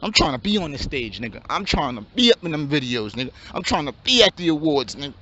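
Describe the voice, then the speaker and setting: A man's voice: on the high side, big pitch swings, fast, sharp tone, exaggerated voice. A man voicing a laid-back young male dreamer in a comedy skit, drawling slang in a mumble. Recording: dull lo-fi, faint hum.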